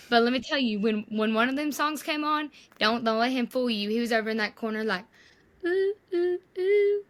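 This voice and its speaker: A woman's voice: a little high, steady tone, fairly quick, a bit bright. A woman, co-hosting a podcast over a video call, telling stories and mimicking the people in them. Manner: storytelling, mimics others' voices. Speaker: podcast co-host. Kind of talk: casual chat.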